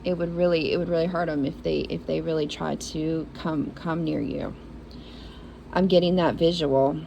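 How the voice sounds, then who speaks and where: A woman's voice: deep voice, steady tone, moderate pace, gravelly, warm tone, lo-fi sound, a little hiss or hum. A woman giving a spiritual reading for zodiac signs, talking in an encouraging, repetitive and emotional way. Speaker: intuitive reader.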